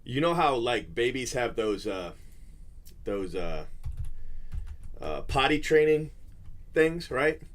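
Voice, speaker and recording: A man's voice: mid-range voice, sing-song, takes it slowly, long pauses. A man hosting a card-break livestream, chatting casually in a teasing, rambling way.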